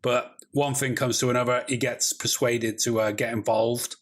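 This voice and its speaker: A man's voice: medium pitch, little pitch movement, normal speed. A man hosting a film review podcast, talking in a loose, enthusiastic, chatty way and swearing casually. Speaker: podcast host.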